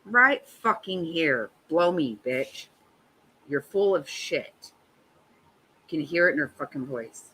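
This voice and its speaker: A woman's voice: deep voice, expressive, slow, bright, forceful tone, slight background noise, rough recording. A woman in her fifties hosting a livestream, chatting casually with viewers and giving blunt, profane reactions to a trial. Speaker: livestream host.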